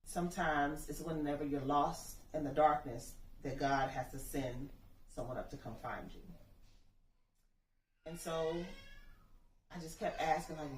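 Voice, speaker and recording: Low-voiced woman telling her story earnestly. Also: moderate pace, long pauses. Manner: earnest, impassioned storytelling that acts out dialogue. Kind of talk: personal testimony interview. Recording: echoey room, distant mic, faint noise.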